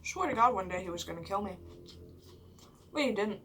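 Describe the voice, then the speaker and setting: A woman vlogger telling a story casually while eating, chatty and full of "like", swearing often and dropping into hushed whispers at dramatic moments. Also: medium pitch, animated, a little fast, a little hiss or hum. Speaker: mukbang vlogger.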